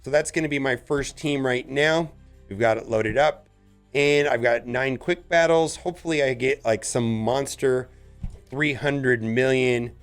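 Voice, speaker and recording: A man talks through his gameplay in a loose, casual commentary voice at a middle pitch. He chats along steadily and breaks into loud, excited whoops when something good turns up. Faint background music plays under him. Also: a little slow. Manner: chatty, gets loudly excited over good rolls. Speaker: gaming channel host.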